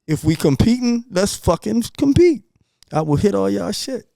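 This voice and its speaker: A man's voice: high voice, sing-song, moderate pace, gravelly, mellow, no room sound, studio quality. A man appearing as a guest on a podcast, talking in a brash, profane, ranting way. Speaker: podcast guest, music promoter. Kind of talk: casual podcast chat.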